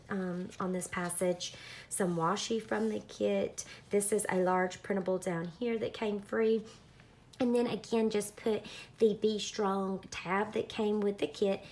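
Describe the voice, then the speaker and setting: A woman's voice: medium pitch, a little mellow. Chatty Southern woman showing her journal. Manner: chatty, many ums, friendly explaining. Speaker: craft vlogger. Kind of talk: casual show-and-tell walkthrough.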